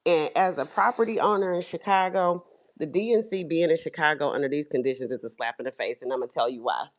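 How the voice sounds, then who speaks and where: A woman's voice: low-pitched, fast. A woman calling in to a talk stream, telling a detailed story in a chatty way. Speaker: caller.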